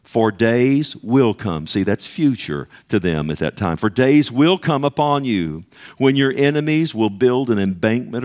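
A male pastor delivers a sermon in an impassioned voice. He calls out to his listeners and drops into a slow, emphatic reading whenever he quotes scripture. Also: mid-range voice, darkish tone. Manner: impassioned preaching, calls to the congregation; reads scripture slowly and emphatically.

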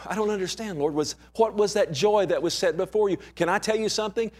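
A man preaching a sermon with passion, firing off rhetorical questions and swinging between loud and hushed delivery. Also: high voice, fast.

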